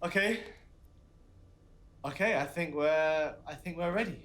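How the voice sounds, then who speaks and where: A man's voice: a little high, unhurried, fairly bright tone, slight background noise. An actor with a London accent playing a nervous young man stammering through a video date in a game. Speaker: game protagonist. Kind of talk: game voice acting.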